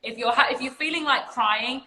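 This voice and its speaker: A woman chats on a livestream, emphatic and animated, laughing as she goes. Her voice is bright and sits a little high. The room around her is echoey. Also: moderate pace. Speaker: spiritual community host. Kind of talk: casual livestream chat.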